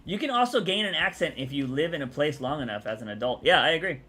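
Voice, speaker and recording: A young man from Texas, chatting casually on a livestream, rambling and answering chat out loud. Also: a little high, expressive, quick pace, breathy edge.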